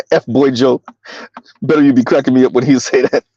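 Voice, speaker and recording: A man's voice: steady tone, moderate pace, a little mellow, breathy edge, no echo. A man doing casual livestream commentary, reading out viewers' chat and asking rhetorical questions, his voice leaping up when he sounds incredulous. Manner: rhetorical, keeps asking "Right?", swings pitch up when incredulous. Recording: dry, slightly dull lo-fi audio.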